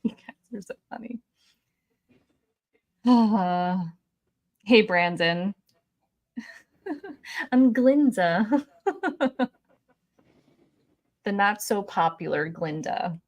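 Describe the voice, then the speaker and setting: A woman's voice: medium pitch, lively intonation, extremely slow, long pauses. A woman hosting a casual livestream from home, chatty and giggly, often laughing as she talks. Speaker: livestream host.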